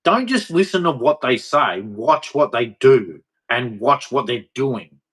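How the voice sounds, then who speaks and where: A man's voice: medium pitch, lively intonation, a little slow, a bit bright, slightly rough. Heated man ranting. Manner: heated, preachy, repeats himself for emphasis. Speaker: vlogger. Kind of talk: ranting monologue to camera.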